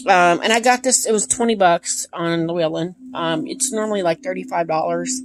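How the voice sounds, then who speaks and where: A woman's voice: lowish voice, normal speed. Gushing woman showing off tarot decks. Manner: gushing, enthusiastic, lots of ums and repeated praise. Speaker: tarot deck collector. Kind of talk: casual show-and-tell vlog. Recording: steady background hiss with handling clicks.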